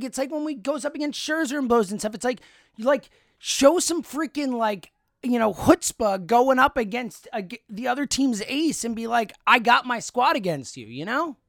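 A man co-hosting a sports podcast in casual, teasing chat full of fillers and sudden loud bursts. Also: extremely high pitch, moderate pace, no room sound, studio quality.

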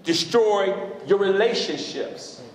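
A man's voice: sits high, animated, slow pace. A man preaching a sermon as pastor, questioning his congregation in call-and-response style from a church sanctuary. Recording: echoey hall.

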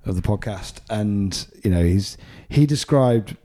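A man's voice: fairly low pitch, animated, measured pace, warm tone. A man hosting a podcast, joking and chatting casually with his guests. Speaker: podcast host. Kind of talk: casual chat.

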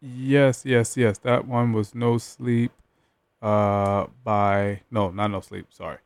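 A man's voice: fairly low pitch, little pitch movement, takes it slowly, clear, resonant tone, dry recording, faint music behind. A man hosting a radio show who chats casually between tracks and rambles while guessing how to pronounce artists' names. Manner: rambling, unsure of artist name pronunciations.

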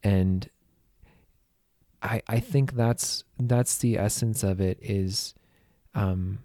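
A man, a musician guest on a podcast, speaking gently with searching, hesitant phrasing. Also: lowish voice, very slow, no room sound, studio quality. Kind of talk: casual heartfelt conversation.

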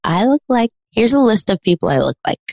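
A woman's voice: fairly high pitch, very animated, a little fast, a little mellow, no echo, clean studio sound. A woman co-hosting a podcast, chatting casually and reacting playfully with short jokes. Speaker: podcast co-host. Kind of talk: casual chat.

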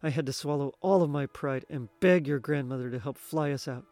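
A man's voice: on the high side, a little fast, darkish tone, no echo, natural voice. A man voicing a tired, stern mother speaking firmly to her son. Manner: weary, stern. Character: weary, stern working mother.

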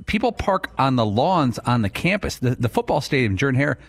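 A man's voice: medium pitch, big pitch swings, a little fast. A man co-hosting a sports radio show, describing things with enthusiasm.

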